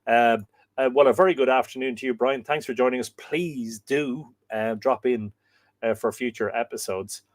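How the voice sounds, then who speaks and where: A middle-aged Irish man hosting a live stream, reading out viewer comments in a hesitant, thinking-aloud way with many pauses and fillers. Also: mid-range voice. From Ireland. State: dry throat, coughing. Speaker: host of a live myth reading show.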